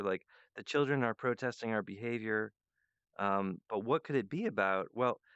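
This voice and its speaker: A man's voice: lowish voice, creaky, a bit bright, clean tone, dry recording. A man hosting his own show, talking in a loose, meandering solo monologue that drifts from idea to idea. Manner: meandering, loose and free-associating. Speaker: show host. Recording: dull lo-fi dry recording.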